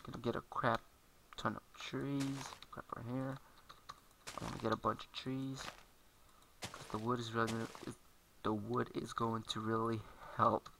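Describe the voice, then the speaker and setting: A man's voice: medium pitch, level tone, normal speed, vocal fry, noisy background. A man giving casual let's-play commentary, rambling and correcting himself as he plays at a computer. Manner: rambling, self-correcting, talks while playing. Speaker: gameplay commentator.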